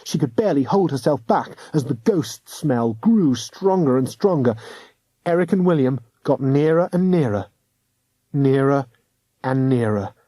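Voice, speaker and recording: A man narrating a children's audiobook with a measured, dramatic reading. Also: medium pitch, animated, mellow, no echo. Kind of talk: scripted storybook narration.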